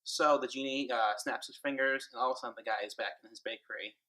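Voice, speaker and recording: A man tells a joke to the camera in a lively storytelling way. His voice is bright and crisp. He sits at a middle pitch. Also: fast talker, rough recording.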